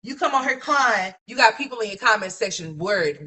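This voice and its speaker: A woman's voice: mid-range voice, fast, few pauses, bright, forceful tone. A woman doing casual live commentary as a streamer, blunt and profane, scolding the person she is reacting to. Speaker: livestream commentator. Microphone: streaming mic.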